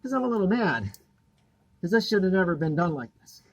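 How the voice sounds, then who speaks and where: This homeowner's annoyed walkthrough vlog has him crawling under the house, pointing out a botched install with sarcasm and anger. He talks briskly in a high, sing-song voice. The recording is dry and lo-fi.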